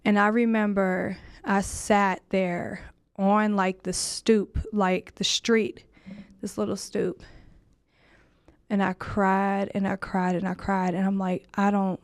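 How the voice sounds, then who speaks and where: A woman's voice: mid-range voice, level tone, takes it slowly, clear, resonant tone, no echo, studio quality. A young adult woman candidly telling a heartfelt personal story, full of "like" fillers.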